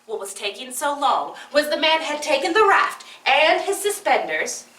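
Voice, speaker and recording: A woman narrating a children's story in a playful, expressive read-aloud style. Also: high-pitched, moderate pace. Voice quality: animated, expressive. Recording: roomy echo from a distant mic.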